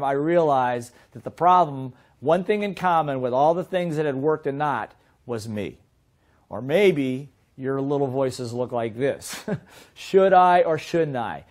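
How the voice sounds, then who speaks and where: Lively middle-aged sales trainer, man. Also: a little high. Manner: lively, asks the audience questions. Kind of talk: seminar teaching talk.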